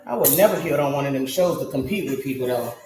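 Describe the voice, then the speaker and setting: Hoarse woman chatting while baking. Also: very deep voice, animated, fast. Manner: talks to viewers, exclaims to herself. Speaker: home baker streaming live. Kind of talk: chatty live cooking stream. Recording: echoey room with music behind.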